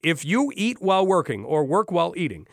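A man hosting a talk radio show, speaking conversationally and briskly, addressing listeners directly. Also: fairly high pitch, very animated, creaky, no room sound, clean studio sound. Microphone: studio microphone.

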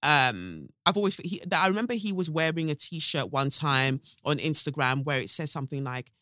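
A young woman hosting her own podcast, ranting bluntly and sarcastically, swearing freely and swinging between loud jabs and hushed asides. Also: sits low, lively intonation, normal speed, dry recording, studio quality. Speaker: podcast host. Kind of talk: animated solo podcast rant.

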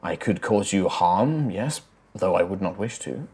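A man voicing a faint spirit that speaks from inside someone's head, soft and sorrowful. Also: low voice, lively intonation, measured pace, slightly rough, pitched below the performer's own voice, exaggerated voice. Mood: grave, sorrowful.

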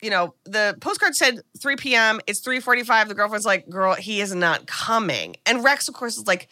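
A woman podcast co-host recapping a film in a casual, animated way, acting out characters' lines. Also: a little high, brisk.

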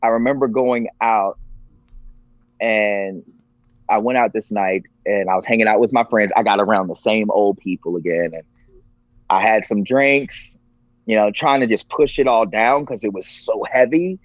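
Earnest low-voiced man telling his story. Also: normal speed, no room sound. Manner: earnest, emotional, acts out quoted voices. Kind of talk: personal testimony storytelling. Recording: dull lo-fi, dry.

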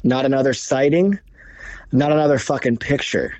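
Profane, excited male hunting storyteller. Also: medium pitch, no echo. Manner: animated, profane, fast retelling. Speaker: podcast guest, bowhunter. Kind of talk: casual storytelling.

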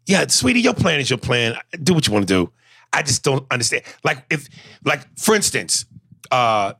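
A man co-hosting a podcast, chatting casually with animated, profane storytelling and reading listener messages aloud. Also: a little high, normal speed, vocal fry, breathy edge, no room sound, clean studio sound. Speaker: podcast co-host. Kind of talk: casual chat.

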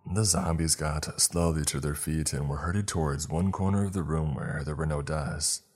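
A man reading a first-person horror story aloud as scripted narration, in a measured storytelling manner. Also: very deep voice, darkish tone.

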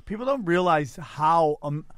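A man with a high, light voice talking in a laid-back, agreeable way and throwing in dude often. The recording is dry and close. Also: expressive, unhurried, fairly bright tone, dry recording. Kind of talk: casual chat.

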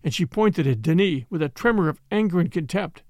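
Man narrating, expressive storytelling, high voice, dry close sound. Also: brisk, no echo. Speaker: audiobook narrator. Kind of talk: scripted narration.

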